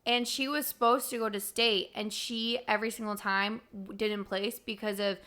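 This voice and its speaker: A woman co-hosts a podcast, talking politics in a relaxed way while voicing strong opinions. Her mid-range voice has a bright, forceful tone, fairly even intonation and a moderate pace.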